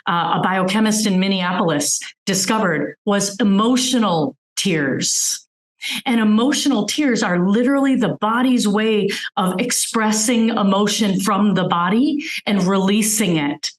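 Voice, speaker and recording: A woman's voice: medium pitch, unhurried, echoey room, low-quality recording. A woman physician giving a webinar talk, earnestly explaining with everyday examples over a video call. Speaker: physician guest speaker.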